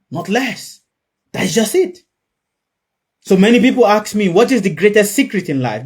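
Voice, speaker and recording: Male spiritual teacher, sermon delivery, high and animated, emphatic repeats. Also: breathy edge. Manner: emphatic, repeats phrases for effect. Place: before a live audience.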